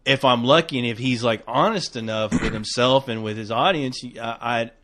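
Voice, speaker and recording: A man's voice: medium pitch, normal speed. Hesitant, rambling male podcast co-host. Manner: hesitant, lots of restarts, trails off softly. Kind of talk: casual chat.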